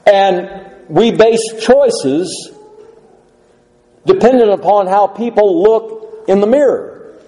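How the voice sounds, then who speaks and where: A middle-aged man preaching a sermon, earnest and measured, asking the listeners rhetorical questions. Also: high-pitched, dark tone, poor audio. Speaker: pastor.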